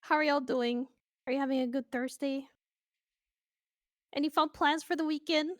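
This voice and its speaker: A woman's voice: high-pitched, steady tone, moderate pace, dry recording, clean studio sound. A woman from Sweden with a Swedish accent, chatting playfully and casually with stream viewers over a voice call. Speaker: guest on a stream.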